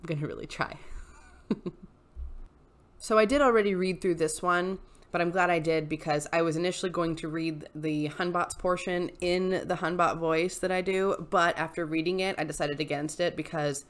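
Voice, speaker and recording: A woman's voice: lowish voice, steady tone, normal speed. Exasperated ranting woman vlogger. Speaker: YouTube host reading posts. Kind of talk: casual commentary vlog.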